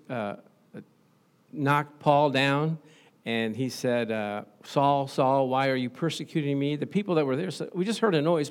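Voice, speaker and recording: A male pastor delivering a sermon, his voice sitting high. He talks in animated bursts, climbing into excited exclamations and calling out to the congregation for responses.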